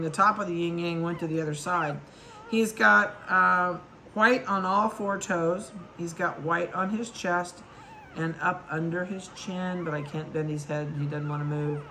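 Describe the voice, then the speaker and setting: A chatty, affectionate woman breeder describes her puppies one by one and coos at them as she goes. Her voice is bright and forward, with a faint hiss of noise in the background. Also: on the low side. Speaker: dog breeder. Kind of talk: casual narration while handling puppies.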